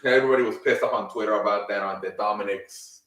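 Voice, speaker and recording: A man's voice: on the low side, fast talker, a bit bright. A man casually recapping a wrestling show on his own, rambling, with lots of ums and casual swearing. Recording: echoey room, distant mic.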